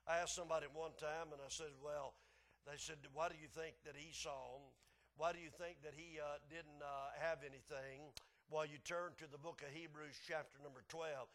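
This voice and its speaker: A man preaching a sermon, his voice climbing loud when he reads scripture and dropping low when he explains it. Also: little pitch movement, normal speed. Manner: rises loud and high reading scripture, drops low to explain.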